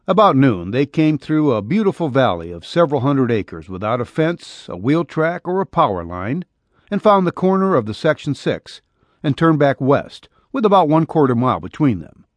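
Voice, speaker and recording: Man narrating an audiobook with lively pitch. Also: no room sound. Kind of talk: scripted narration.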